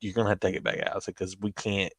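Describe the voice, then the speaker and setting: A man's voice: low voice, level tone, very fast, a bit bright, breathy edge, dry recording, studio quality. A man with a Southern US accent telling a long casual story on a stream, rambling with restarts.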